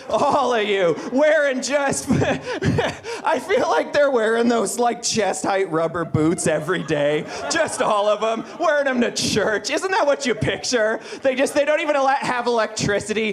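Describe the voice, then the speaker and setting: A man doing a stand-up roast on a comedy club stage, brash and mocking, laughing at his own jokes. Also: high voice. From Manitoba, Canada.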